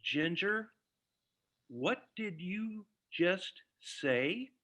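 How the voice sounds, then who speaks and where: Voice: mid-range voice, animated, drawn-out words, fairly bright tone. An actor playing a flustered, stammering father in an amateur radio play, melodramatic in manner. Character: blustering, fussy middle-aged father.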